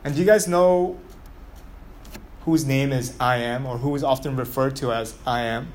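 A man delivering a sermon in an animated storytelling manner, asking his listeners questions as he goes. His voice sits at a mid pitch. Faint noise hums behind him. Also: moderate pace. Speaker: preacher.

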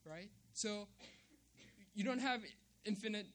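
A man's voice: sits high, slow, fairly bright tone. A man preaching a sermon, emphatic, repeating key phrases and checking in with "right?". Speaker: pastor.

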